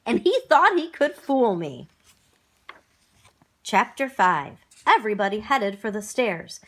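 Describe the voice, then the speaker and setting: A woman's voice: medium pitch, fairly bright tone. A woman narrating a children's storybook aloud, acting out the characters expressively.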